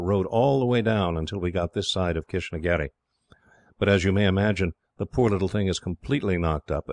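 A man's voice: low-pitched, a little mellow, dry recording. A man voicing an earnest, cheerful young English officer.

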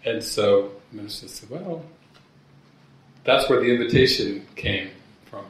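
A spiritual teacher tells stories to a gathering in a meeting hall, often laughing at his own jokes. His voice sits on the low side, with fairly even intonation and a normal speed. The room is very echoey, and he sounds far from the microphone.

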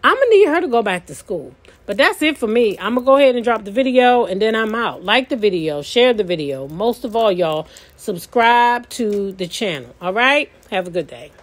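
A woman's voice: medium pitch, expressive, moderate pace. A woman hosting a commentary channel, talking bluntly and scolding someone, with a casual vlog delivery. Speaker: channel host.

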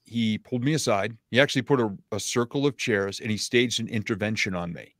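A middle-aged man telling stories as a podcast guest, animated and self-deprecating. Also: on the low side, brisk, dry recording, studio quality. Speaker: guest speaker. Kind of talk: casual interview storytelling.

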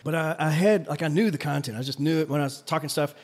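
A man's voice: on the high side, fast talker. A man, a history teacher and podcast co-host, chatting casually and telling stories with lots of "like" and "right?" asides, recorded live in a coffee shop. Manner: rambling, filler-heavy, "like" and "right?" asides. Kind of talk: casual storytelling chat.

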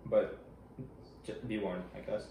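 A man's voice: lowish voice, little pitch movement, unhurried, vocal fry, dark tone, a little hiss or hum. A young man co-hosting a casual film review chat, laid-back and swearing casually, with hesitant restarts. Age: young adult. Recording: very echoey room, far from mic.

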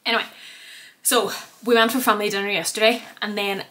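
A young woman vlogs to her phone camera from her bedroom, chatty and rambling and poking fun at herself. Her mid-range voice is fairly bright, with a level tone and a brisk pace.

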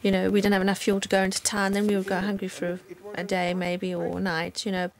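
A woman's voice: mid-range voice, monotone, quick pace, gravelly, a crowd in the background. Earnest young woman. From Zimbabwe. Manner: earnest, plain-spoken, with a soft laugh. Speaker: au pair. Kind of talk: documentary interview.

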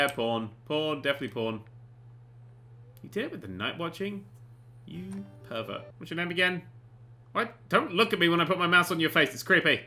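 A man giving sarcastic, excitable commentary while playing a life simulation game, often swearing and bursting into panicked shouts. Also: on the high side. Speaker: gaming channel host. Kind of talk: comedic let's play commentary.

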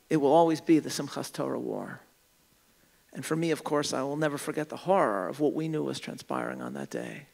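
Solemn rabbi with a gravelly voice. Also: male voice, a little high, poor audio. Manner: measured, solemn. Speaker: rabbi, panel speaker. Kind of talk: formal reflective remarks. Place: synagogue hall.

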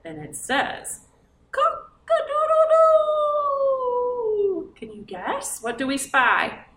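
A woman's voice: a little high, lively intonation, takes it slowly, sharp tone. A woman librarian reading a picture book aloud to children in a coaxing, sing-song way and asking them questions. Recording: roomy, from a distance.

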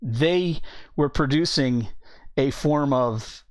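A man's voice: medium pitch, slow pace. A man teaching a Bible study in a casual way, thinking aloud, reading verses and often restarting his sentences. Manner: thinking aloud, reads scripture, hesitant restarts.

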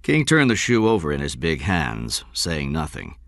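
A man reading a story aloud in expressive, measured scripted narration. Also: a bass voice, creaky, no echo, studio quality. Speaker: audiobook narrator.

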